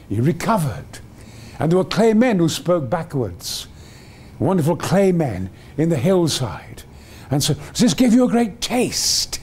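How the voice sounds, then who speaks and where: A man's voice: high-pitched, darkish tone, slightly rough. A man in his eighties reminiscing in a rambling, digressive and enthusiastic way, jumping between stories. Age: 80s. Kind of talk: reminiscing storytelling.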